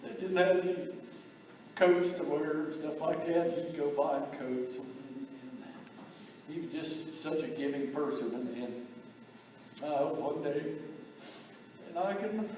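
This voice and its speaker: Man, eulogy, halting family anecdotes, echoey hall, distant camera. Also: a little high, fairly even intonation, dark tone, a little hiss or hum. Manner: halting, repeats words, chuckles through stories. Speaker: brother of the deceased giving a eulogy. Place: memorial gathering in a large hall.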